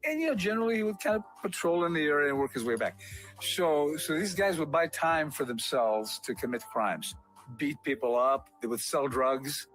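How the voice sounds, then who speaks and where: A man's voice: a little high, normal speed, faint music behind, poor audio. Older man telling a story. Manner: animated retelling, acts out quotes, frequent fillers. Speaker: civilian member of a police disciplinary board. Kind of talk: storytelling interview.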